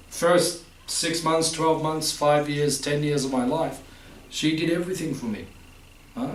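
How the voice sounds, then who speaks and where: Man preaching in a roomy hall. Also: fairly high pitch. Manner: chatty, quizzes the audience with repeated "huh?". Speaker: spiritual teacher. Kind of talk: informal spiritual talk to a live audience. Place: festival hall. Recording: roomy hall, distant mic.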